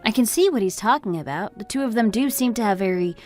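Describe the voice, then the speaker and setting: A gentle young wife, voiced by a woman, checks on her husband in a text-story drama. Her concerned voice sits at a middle pitch, with soft music underneath. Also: lively intonation, quick pace, natural voice.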